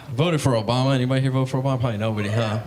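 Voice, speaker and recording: A man's voice: medium pitch, fairly even intonation, racing, a little mellow, slight background noise. A young man doing a stand-up comedy set on a comedy club stage, telling stories in a laid-back way and acting out voices. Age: young adult.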